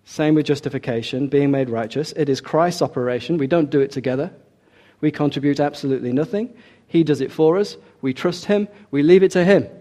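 A middle-aged man preaching a sermon, pressing each point home and coming back to it again. His voice sits a little high for a man, with a mellow, warm tone. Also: fairly quick. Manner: emphatic, repeats key points.

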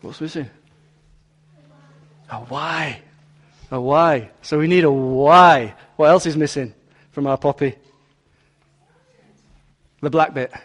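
A man's voice: fairly high pitch, takes it slowly, long pauses, a bit bright. A man preaching a sermon in a church, emphatic and repetitive, drawing in the congregation. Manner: emphatic, repeats key words, talks with congregation.

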